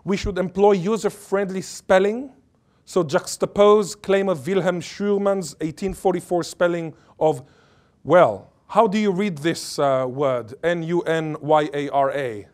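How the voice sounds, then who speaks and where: A man's voice: high-pitched, measured pace, a little mellow. A man giving an academic lecture as a linguist, emphatic and playful, fond of wordplay and of putting questions to the audience. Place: lecture or workshop before an audience.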